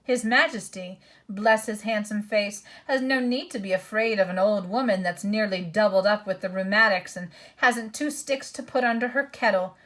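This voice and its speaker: A woman voicing a fawning, whining old hag who flatters as she talks. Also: mid-range voice, moderate pace, hardly any pauses, natural voice. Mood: wheedling. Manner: wheedling, flattering.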